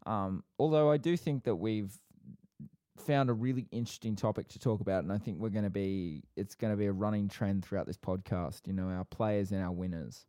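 A man co-hosting a casual podcast, talking fast and rambling with frequent fillers and asides. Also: lowish voice, dark tone, clean tone, no echo, clean studio sound. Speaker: podcast co-host.

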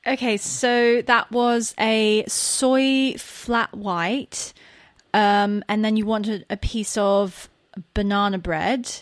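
A woman's voice: medium pitch, fairly even intonation, slow pace, no echo, clean studio sound, natural voice. A woman putting on a British barista voice. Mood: careful. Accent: put-on British. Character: woman barista reading back an order.

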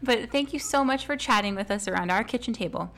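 A woman's voice: a little high, fast, fairly bright tone. A woman co-hosting a casual podcast, laid-back, laughing often and talking with lots of fillers. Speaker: podcast co-host. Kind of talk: casual chat.

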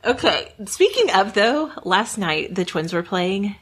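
A middle-aged woman co-hosting a podcast, playful and teasing, quick to laugh. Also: mid-range voice, big pitch swings, a bit bright, slightly rough. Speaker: podcast co-host. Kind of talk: casual chat.

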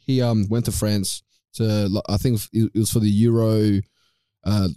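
A man's voice: fairly low pitch, measured pace, no room sound. A man, a podcast co-host swearing his way through a story about his cousin. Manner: profane, animated storyteller. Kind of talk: casual banter.

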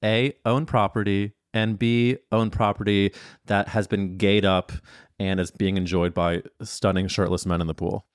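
A man's voice: fairly low pitch, little pitch movement, unhurried, dry recording, studio quality. A man hosting a podcast in casual chat, campy and teasing. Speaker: podcast host.

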